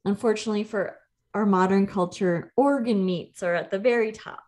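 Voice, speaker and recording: This woman, a nutrition coach in her thirties, co-hosts a casual podcast and explains things with an easygoing, chatty air, laughing readily. Her mid-range voice is slightly mellow and moves at a moderate pace.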